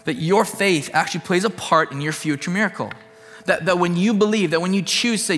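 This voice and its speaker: A man's voice: high voice, a little fast, fairly bright tone, big-room sound, faint music behind. Earnest man preaching a sermon. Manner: earnest, repetitive emphasis. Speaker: pastor.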